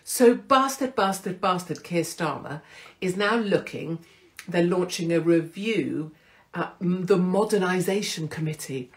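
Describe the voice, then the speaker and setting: A woman's voice: fairly low pitch, a little slow. A middle-aged British woman hosting her own show, talking in a brash, self-mocking monologue full of swearing. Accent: British English. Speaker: host. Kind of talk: casual monologue.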